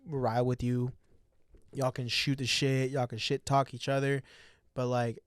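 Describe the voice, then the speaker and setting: A man's voice: mid-range voice, unhurried, clear, resonant tone, no room sound, studio quality. A man in his twenties, a podcast guest, telling stories in casual, profane chat and laughing often. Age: 20s. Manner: profane, laughing, animated storytelling. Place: podcast studio.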